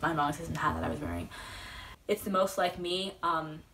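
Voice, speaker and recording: A young woman telling a story as a vlogger, rambling and excitable, full of fillers. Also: low voice, a little fast, a little hiss or hum. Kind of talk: casual storytelling. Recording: voice a bit far from the mic.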